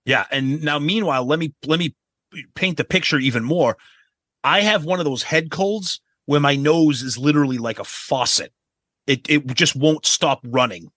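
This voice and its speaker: A man's voice: a little high, normal speed, a bit bright, no room sound. A man co-hosting a podcast, telling a travel story in a casual, profane way. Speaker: podcast co-host.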